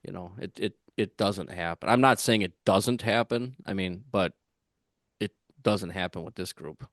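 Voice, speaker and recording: A man with a lowish voice tells a long story in a loose, rambling way, circling back with fillers and restarts. He is recorded dry, with no room sound around him. It sounds like a relaxed podcast chat among fellow tournament anglers. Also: normal speed, no room sound. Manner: rambling, full of fillers and restarts, animated when quoting others.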